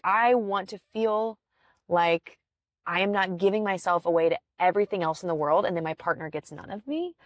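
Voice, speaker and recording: A woman's voice: medium pitch, dry recording, clean studio sound. A woman hosting a solo podcast in casual chat, rambling and earnest, encouraging her listeners with many "like"s and sighs. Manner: chatty and rambling, with frequent "like" and sighs. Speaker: podcast host.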